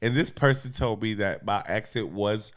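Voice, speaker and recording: A man's voice: fairly low pitch, moderate pace, dry recording, clean studio sound. A man co-hosting a podcast live, chatting casually and playfully with viewers. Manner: playful, laughs often, addresses viewers as y'all. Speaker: podcast co-host. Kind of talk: casual live-stream chat.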